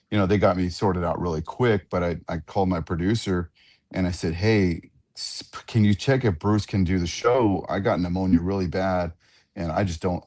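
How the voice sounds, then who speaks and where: In a radio studio, a low-voiced octagon announcer tells lively stories during a casual interview. He has a habit of repeating his words.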